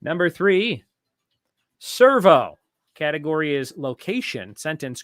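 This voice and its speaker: A man hosting a live trivia show, reading each question slowly and repeating it, with joking asides between. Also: fairly high pitch, very animated, fairly bright tone, dry recording, clean studio sound. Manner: reads each question slowly twice, jokes and rambles between. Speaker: trivia host.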